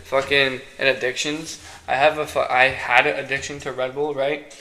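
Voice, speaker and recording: A young man chatting casually on a podcast, talking fast with stumbles and swearing. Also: mid-range voice, flat delivery, bright, forceful tone, reverberant, low-quality recording. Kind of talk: casual chat.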